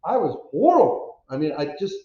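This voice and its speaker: A man in his fifties from the United States, a former pro football player telling stories as an interview guest, animated and self-deprecating, acting out quotes. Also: a little high, moderate pace. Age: 50s. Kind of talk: candid storytelling interview. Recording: echoey, dull lo-fi audio.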